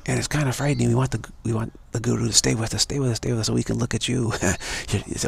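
A man's voice: medium pitch, steady tone, fast talker, vocal fry, hardly any pauses, breathy edge. A man giving an unscripted spiritual talk as its teacher, repeating phrases over and over. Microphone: livestream mic.

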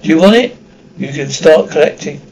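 A man's voice: a little high, animated, moderate pace, a little mellow, a little hiss or hum, poor audio. A man voicing a chatty, blunt schoolboy wizard in an audiobook reading. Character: excitable red-haired schoolboy wizard.

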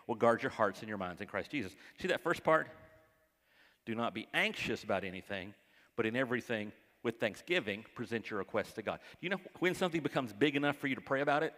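A man preaching a conversational sermon as pastor, with folksy joking asides to the congregation and acted-out quoted voices. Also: medium pitch. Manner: acts out quoted voices, dropping to hushed tones. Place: church sanctuary. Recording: church hall reverb.

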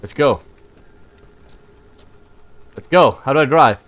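A man giving casual let's play commentary, excitable, swearing and joking as he plays. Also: medium pitch, slow. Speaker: gamer playing through a game.

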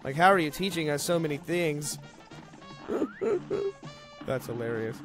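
A young man doing casual, jokey let's-play commentary, rambling and breaking into loud outbursts when he fails. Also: fairly high pitch, wildly swooping pitch, slow pace, long pauses, over music.

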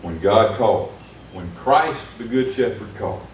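Lay preacher in an echoey church. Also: male voice, fairly low pitch, lively intonation, a little slow, a little hiss or hum. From United States. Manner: earnest, retells Bible stories with rising emphasis. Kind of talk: sermon. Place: small church sanctuary. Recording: echoey church room from far off.

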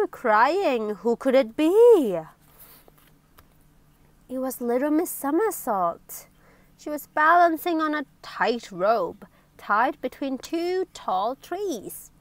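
A woman reading a children's storybook aloud in an expressive, playful way. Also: high-pitched, slow pace, no room sound. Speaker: story reader.

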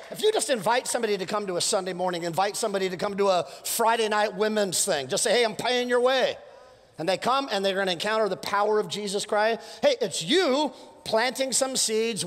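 A male pastor preaching a sermon, telling stories with playful asides and building to fired-up calls, his voice a little hoarse from preaching several services. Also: sits high. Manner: animated, storytelling with playful asides and rising exhortations. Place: church sanctuary. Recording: long church hall reverb.

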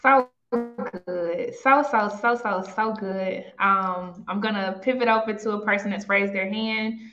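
A woman's voice: medium pitch, steady tone, measured pace, bright, forceful tone, faint music behind. A woman hosting an online audio room, upbeat and affectionate as she brings speakers up. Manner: upbeat, affectionate, calls people mama. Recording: echoey, dull lo-fi audio.

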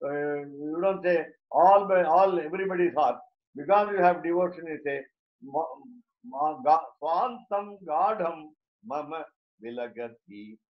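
A man teaches scripture, carefully unpacking Sanskrit words one by one and pausing on frequent fillers. His voice sits a little high for a man. The recording sounds muffled and lo-fi. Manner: explains Sanskrit terms word by word, with frequent fillers and restarts. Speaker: religious teacher. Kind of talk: scripture lecture.

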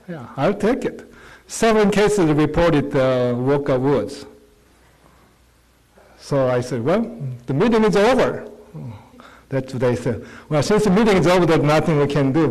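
Male pastor, English speaker, slow earnest conversational sermon, voice a bit high. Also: darkish tone, poor audio.

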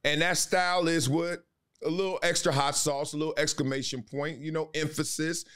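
A man speaking as a guest in a casual interview, animated and emphatic, with a slangy way of talking. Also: on the high side, normal speed, clear, resonant tone. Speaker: podcast guest, sports commentator.

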